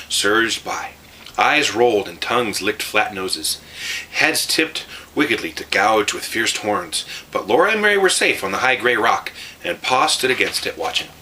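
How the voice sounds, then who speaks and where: A man reading a children's book aloud with lively expression, pausing to show the pictures. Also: fairly low pitch, a little hiss or hum, low-quality recording. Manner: expressive, showing pictures as he reads.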